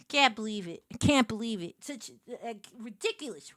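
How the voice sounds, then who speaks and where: A woman with a New York accent, chatting casually with her stream viewers, animated and quick to laugh. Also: on the high side. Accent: New York City. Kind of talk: casual live-stream chat while picking a game.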